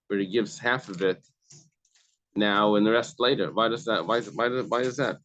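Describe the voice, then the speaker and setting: A man's voice: on the low side, normal speed, a bit bright, muffled recording. A man leading a Talmud study session, reading passages and then explaining them plainly with many restarts. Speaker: Talmud class leader. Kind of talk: explaining a text to a study group.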